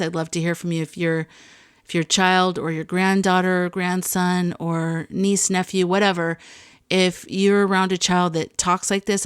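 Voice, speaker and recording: A woman's voice: fairly low pitch, clear, resonant tone, dry recording, studio quality. A woman hosting a podcast, chatting casually and reading listener stories aloud, with many asides and fillers. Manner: conversational, lots of fillers and asides. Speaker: podcast host.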